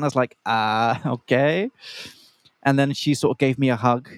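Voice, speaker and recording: A man's voice: mid-range voice, moderate pace, no echo. A young man co-hosting a podcast for English learners, telling a rambling story in a casual way, stopping to explain slang and acting out the other voices. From Australia. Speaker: podcast co-host.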